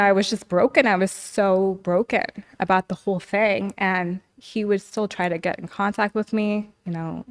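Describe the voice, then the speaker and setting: A woman's voice: medium pitch, fairly even intonation, normal speed, hardly any pauses. A woman as a podcast guest, earnestly telling a personal story in casual speech packed with "like" and "you know.". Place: living in Los Angeles.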